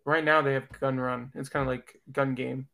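A man co-hosting a live stream, telling stories in an animated, casual way. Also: mid-range voice, normal speed, vocal fry.

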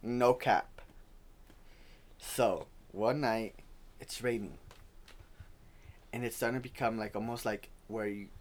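A man's voice: on the low side, slow pace, pauses often. Young man telling a story, swearing casually. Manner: slangy, profane, grows loud and excited while telling a scary story. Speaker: podcast co-host.

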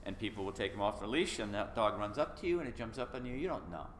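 A man's voice: fairly low pitch, animated, fast talker. A man co-hosting a podcast in casual chat, easygoing and rambling, with frequent restarts. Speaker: podcast co-host. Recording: echoey room with faint noise.

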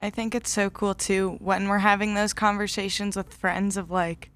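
Smooth-voiced young woman chatting. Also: medium pitch, normal speed. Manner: animated storyteller, frequent "like" fillers. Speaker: guest speaker. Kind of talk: casual podcast chat.

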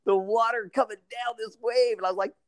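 A man telling stories in casual chat, animated and often laughing. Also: extremely high pitch, fairly quick, dry recording, clean studio sound, faint music behind. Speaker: storyteller.

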